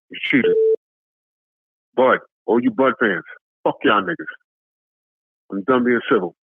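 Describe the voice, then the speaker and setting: A man's voice: lowish voice, husky, dry recording. A tired man calling in, delivering an aggressive, repetitive, profane trash-talk rant. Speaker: caller. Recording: tinny phone line, dry.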